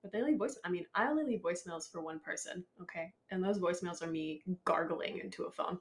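A woman's voice: fairly low pitch, quick pace. A woman co-hosting a podcast in casual chat, wry and blunt, swearing in her asides. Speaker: podcast co-host. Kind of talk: casual movie recap chat.

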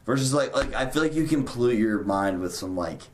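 A man's voice: mid-range voice, animated, a little fast, a little hiss or hum. A young man hosting a casual podcast, talking loosely with lots of fillers. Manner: rambling, loose, many "like" fillers. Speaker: podcast host. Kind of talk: casual chat.

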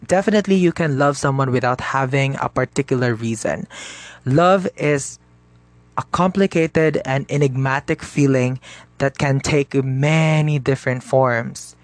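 A man's voice: medium pitch, measured pace, no echo. A man with a Cebuano accent hosting a podcast, talking to listeners in a chatty, casual way and mixing Cebuano into his English. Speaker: podcast host.

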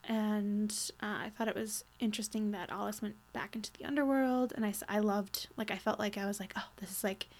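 A woman's voice: mid-range voice, steady tone, fairly quick, hardly any pauses. A woman co-hosting a podcast in a chatty recap, full of "like" and acted-out quotes. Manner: chatty, lots of "like" fillers, acts out quoted lines. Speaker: podcast co-host. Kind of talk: casual recap chat.

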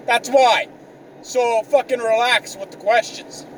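A young vlogger rants in exasperation through a profane, comedic vlog, swearing constantly. His voice is extremely high with fairly even intonation and a slightly slow pace. The mic is a bit distant, and faint car noise can be heard.

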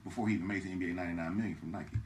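A man's voice: sits low, steady tone, rapid-fire, a little mellow, slight background noise. A man, co-hosting a podcast and rambling with hesitant fillers. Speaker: podcast co-host. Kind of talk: casual chat.

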